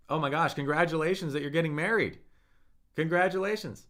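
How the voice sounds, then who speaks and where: Young guy hosting a chill live lesson, slightly high voice, lots of "um" and "right?". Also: a bit bright. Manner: upbeat and encouraging, with frequent fillers and "right?" tags. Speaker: language teacher hosting a live stream. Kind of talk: casual live-stream lesson.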